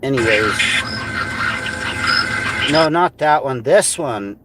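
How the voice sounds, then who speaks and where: A man's voice: medium pitch, expressive, takes it slowly, heavy background noise. A man co-hosting a livestream, talking casually and exasperatedly, swearing constantly and filling his talk with "like". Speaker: livestream co-host. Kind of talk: casual profane commentary.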